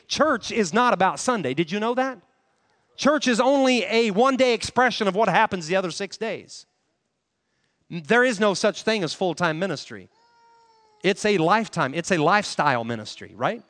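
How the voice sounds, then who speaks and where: A man with a high, light voice delivers a sermon through a handheld mic, earnestly putting questions to his congregation. His voice carries a long reverb tail from a large church hall. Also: animated, moderate pace, fairly bright tone. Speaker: preacher. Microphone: handheld microphone.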